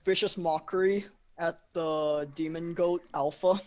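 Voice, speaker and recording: A woman's voice: on the low side, steady tone, a little slow, a little mellow. A young woman playing a tabletop game, precise about the rules. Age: young adult. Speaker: player. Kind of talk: casual tabletop role-play.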